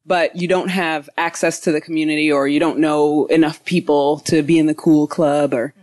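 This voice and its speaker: A woman with a fairly low voice asks a question from the audience at a live panel. She sounds hesitant and stops and starts with fillers. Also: steady tone, moderate pace, a little mellow. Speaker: audience member.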